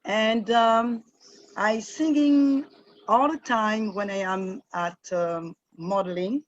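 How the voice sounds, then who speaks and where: A woman from Martinique with a French accent, speaking halting, earnest English as a guest singer on a video call. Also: mid-range voice, steady tone, lo-fi sound. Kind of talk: online event performance.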